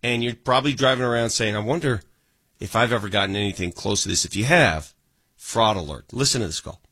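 A man's voice: lowish voice, a little fast, slightly rough. A man hosting a casual talk radio show, telling stories animatedly and acting out the dialogue. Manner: animated storytelling, acts out quoted dialogue.

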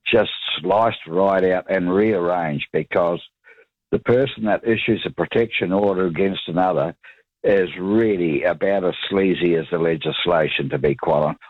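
A man's voice: deep voice, unhurried, no echo. A man calling into a radio show, speaking earnestly with hesitant restarts over a tinny phone line. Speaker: radio caller. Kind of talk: phone-in chat.

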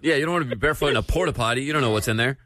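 A man's voice: medium pitch, very fast, bright, forceful tone. A man hosting a morning radio show, chatting casually and joking with a caller. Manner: friendly, joking, asks the caller questions. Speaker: radio host.

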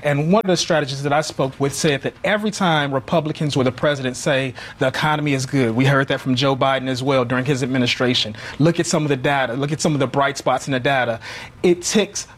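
A man, a managing editor, giving commentary on a TV panel in a halting, self-correcting way. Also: mid-range voice.

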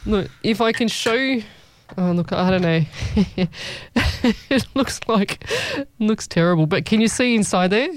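A woman hosting a radio show, talking in a casual, playful way to her listeners. Her voice is smooth and clear. The studio sound is dry and close. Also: mid-range voice, normal speed, no room sound. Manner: chatty, playful, calls listeners lovey. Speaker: radio host. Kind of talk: casual chat reading listener messages.

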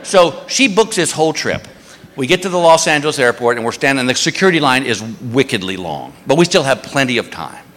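A middle-aged man performing stand-up, telling a self-deprecating story with lively delivery. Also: mid-range voice, fairly quick. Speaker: stand-up comedian. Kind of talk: stand-up comedy. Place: theater stage. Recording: live in a large reverberant hall.

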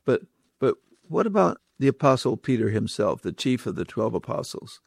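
A man's voice: mid-range voice, sing-song, normal speed, creaky, husky, no room sound, clean studio sound. A man preaching a sermon, stressing key words by repeating them and putting rhetorical questions to his listeners.

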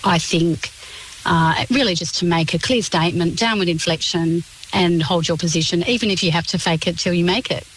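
A woman, a communications specialist answering on a radio interview in a clear, explanatory, measured way. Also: on the low side, slight background noise, low-quality recording.

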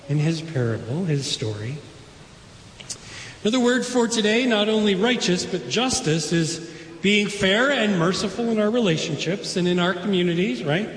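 A man's voice: high-pitched, fairly bright tone. A man preaching a sermon as pastor, in a casual, enthusiastic way with chatty asides. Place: church sanctuary. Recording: echoey church hall.

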